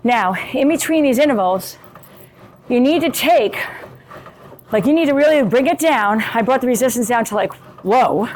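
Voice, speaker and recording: A middle-aged woman coaching fitness in a loose, conversational way, with a voice pitched a little above most women's. She talks while working out on an exercise bike and keeps checking in with the viewer. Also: expressive, moderate pace, darkish tone, slight background noise. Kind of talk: casual instructional talk while demonstrating on an exercise bike.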